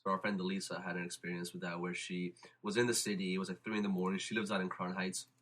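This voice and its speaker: A young man, hosting a casual podcast and telling stories quickly with lots of restarts. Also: low voice. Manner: fast, animated storytelling with restarts. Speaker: podcast host. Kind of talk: casual chat.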